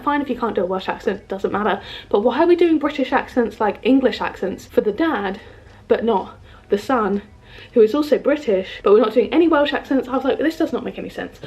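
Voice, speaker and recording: With a mid-range, slightly mellow voice, a British woman in her twenties chats to camera about books at home in front of her shelves. She's bubbly and chatty, her speech full of "like" and "um." The sound is lo-fi.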